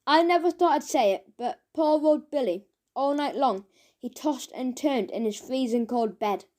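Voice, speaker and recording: A woman narrating a children's audiobook, chanting its rhymes with lively rhythm. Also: high-pitched, normal speed.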